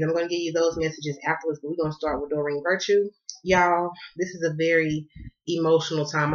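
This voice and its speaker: Southern-accented woman, tarot vlogger, hoarse, playful and cussing, hypes her viewers, slightly dull lo-fi sound. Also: on the low side. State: losing her voice. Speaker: tarot card reader. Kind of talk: casual tarot reading vlog.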